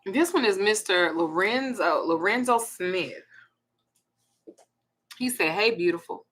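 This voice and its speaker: Animated blunt woman with Southern accent. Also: mid-range voice, slow, slightly rough. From Texas. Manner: animated, blunt, laughing between stories. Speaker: host. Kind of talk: casual storytelling monologue.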